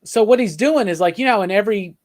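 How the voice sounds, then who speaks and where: A man with a fairly high voice talks comics in an eager, rambling way. He often starts over and keeps checking in with the others. It is a loose, casual chat over a couple of beers. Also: fast talker. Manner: enthusiastic, rambling with restarts and frequent "right?". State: drinking beer while talking. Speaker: podcast co-host.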